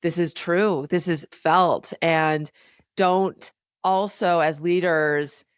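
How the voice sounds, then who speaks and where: A woman co-hosting a business podcast, speaking in an animated, encouraging way about workplace development. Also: fairly low pitch, slow, clear, resonant tone, no echo, studio quality. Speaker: podcast co-host, workplace consultant. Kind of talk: casual conversational podcast chat.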